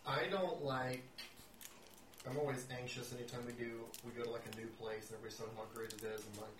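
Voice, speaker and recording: Fast-talking joking male podcast co-host. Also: mid-range voice, steady tone, echoey room, distant mic, background noise. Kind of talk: casual chat.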